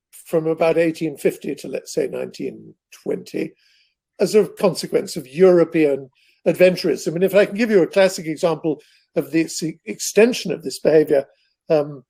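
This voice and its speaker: A man's voice: fairly high pitch, vocal fry, mellow. An older man, a guest author telling long, rambling anecdotes in an interview. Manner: rambling anecdotal storyteller, digressive. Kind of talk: interview conversation.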